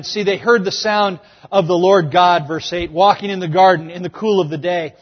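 Guy preaching in a big echoey hall, kinda high voice, playful, does little voices for the bible folks, muffled audio. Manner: animated storytelling, acting out quoted voices with humor. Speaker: pastor. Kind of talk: sermon. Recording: dull, echoey hall sound.

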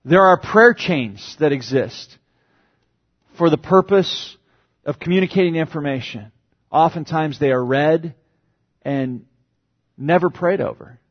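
A man's voice: fairly high pitch, a little slow, pauses often. A man preaching a sermon as pastor, teaching earnestly and stressing key words. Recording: dull lo-fi sermon recording.

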